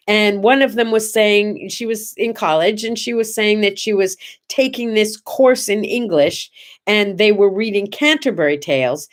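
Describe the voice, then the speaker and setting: Chatty woman hosting a morning show. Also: mid-range voice. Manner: chatty, animated anecdotes with playful asides. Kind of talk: casual chat and storytelling.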